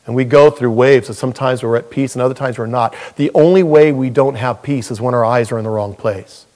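A man's voice: mid-range voice, a little fast, darkish tone. A man preaching a sermon as pastor in a church, earnest and folksy with touches of humor.

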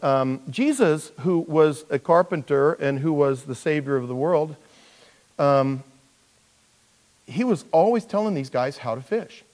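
A male pastor preaching a conversational sermon, with many restarts and now and then putting on playful high voices for characters. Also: darkish tone, big-room sound.

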